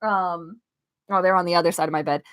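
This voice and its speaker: A young woman from Las Vegas, hosting a live stream in her bedroom, speaks briskly at a fairly low pitch in a steady tone. She recounts a story to her chat, laughing frequently and acting out other people's lines into her desk microphone. There's no echo, and the quality matches a studio.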